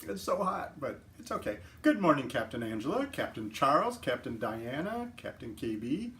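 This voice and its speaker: A man's voice: mid-range voice, very animated, moderate pace, fairly bright tone. Chatty man hosting a live stream. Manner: chatty, laughs often, greets viewers by name. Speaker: livestream host. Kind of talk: casual chat.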